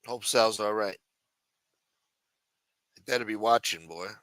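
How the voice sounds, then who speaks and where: A man's voice: lowish voice, a little slow, fairly bright tone, no room sound. A man hosting a casual late-night livestream, rambling, sarcastic and profane as he comments on the news. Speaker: host.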